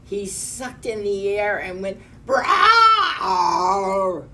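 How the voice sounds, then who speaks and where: A woman reading a picture book aloud, gently pointing out the pictures as she goes. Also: lowish voice, takes it slowly. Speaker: storyteller. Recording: distant mic, faint room hum.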